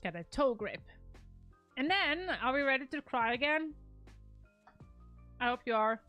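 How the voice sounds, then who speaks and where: A woman's voice: sits high, animated, measured pace, bright, forceful tone, soft background music. A young woman chatting casually on a live stream, gushing and rambling as she shows her wedding photos, laughing often.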